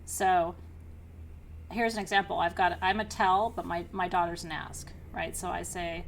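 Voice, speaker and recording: A middle-aged woman teaching a class, energetic and outgoing, who laughs often and keeps checking in with her listeners. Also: on the low side, moderate pace, a little hiss or hum. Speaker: spiritual teacher leading an online class. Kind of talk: teaching a live class to students.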